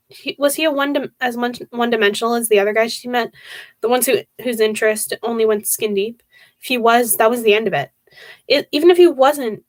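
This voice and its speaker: Expressive woman reading a horror book. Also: fairly high pitch, no echo. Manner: expressive, occasional stumbles and restarts. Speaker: streamer reading aloud.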